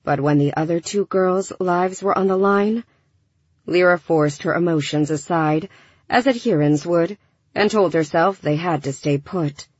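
A woman narrating a science fiction audiobook in a measured, even storytelling manner. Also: lowish voice, slightly rough, no room sound. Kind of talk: scripted narration. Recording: dull dry studio recording.

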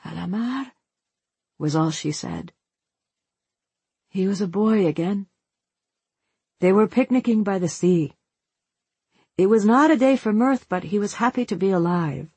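A narrator reading a novel aloud as an audiobook in a measured, unhurried way. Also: mid-range voice, a little mellow, breathy edge, dry recording.

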